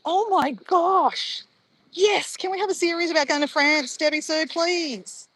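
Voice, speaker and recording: A woman's voice: very high voice, moderate pace, a bit bright, slight background noise. A woman, chatting casually and playfully with live viewers in a bubbly, laughing way.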